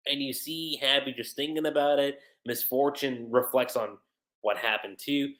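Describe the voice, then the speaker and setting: A host retelling a manga chapter on a casual livestream, chatty and quick to laugh. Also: mid-range voice, fairly even intonation, a bit bright, reverberant. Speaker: manga reviewer.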